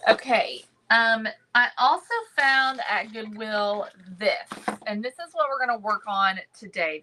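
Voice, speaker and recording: A woman talks slowly and warmly chatty through a thrift haul, saying "y'all" and greeting viewers by name. Her voice has a bright, forward tone. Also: mid-range voice, poor audio. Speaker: crafting livestream host. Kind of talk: casual thrift haul chat.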